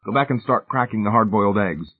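A man's voice: lowish voice, fairly quick, lightly acted. Man playing a curt, grim man. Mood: terse. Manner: curt, terse. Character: grim, determined middle-aged man. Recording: tinny phone-like band.

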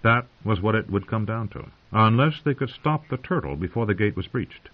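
Grave male fantasy narrator, low voice, lo-fi phone-like sound. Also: animated. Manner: measured, grave storytelling. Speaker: audiobook narrator. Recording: tinny phone-like audio.

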